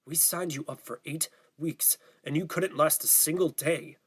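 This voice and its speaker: A man voicing a disappointed father who speaks slowly and reproachfully. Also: on the high side, breathy edge.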